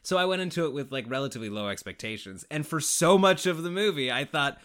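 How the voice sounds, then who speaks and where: A man from Canada co-hosting a casual chat, animated and swearing, talking in quick bursts with restarts. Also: medium pitch. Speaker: podcast co-host.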